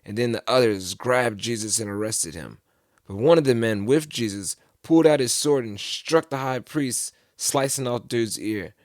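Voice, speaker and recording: A man's voice: medium pitch, moderate pace, dry recording, clean studio sound. A young man casually retelling and commenting on a Bible chapter, using slang and fillers. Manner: casual slang, fillers, chuckles at his own jokes. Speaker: Bible channel host.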